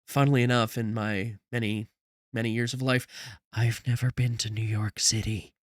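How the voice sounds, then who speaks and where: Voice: mid-range voice, steady tone, moderate pace, no echo. A game streamer chats casually over gameplay and drops joking asides to viewers. The sound is dry and close to the mic. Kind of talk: casual let's-play commentary.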